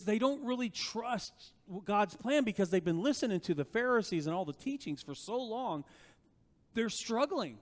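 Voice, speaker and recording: A male pastor preaches a sermon in a high-pitched voice, conversational and animated, frequently posing rhetorical questions to the congregation. The sound carries the feel of a big room.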